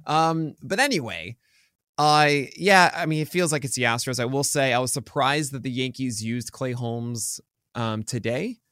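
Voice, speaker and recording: Co-hosting a sports podcast, a man with a mid-range, slightly bright voice rambles through casual chat, fixing his own words and jumping to jokes. The studio-quality recording has no room sound.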